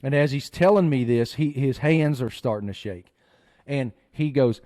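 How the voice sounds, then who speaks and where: A man hosting a podcast, telling a story in an earnest, animated way. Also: mid-range voice, moderate pace. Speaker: podcast host. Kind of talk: storytelling chat.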